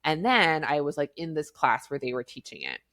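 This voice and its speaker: A woman's voice: deep voice, very animated, fairly quick, fairly bright tone. A middle-aged woman hosting a podcast, telling a personal story in a reflective way with many fillers and restarts. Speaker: podcast host and coach.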